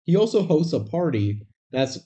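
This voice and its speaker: A man's voice: on the high side, very animated, normal speed, dark tone, husky. A man co-hosting a podcast, adding dry, wry remarks about a movie. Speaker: podcast co-host. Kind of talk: casual chat about a movie.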